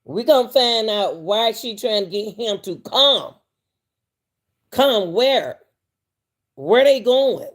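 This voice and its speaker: A woman's voice: on the high side, lively intonation, slow, long pauses. A woman hosting casual commentary on a case. She asks rhetorical questions and thinks aloud. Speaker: commentator host.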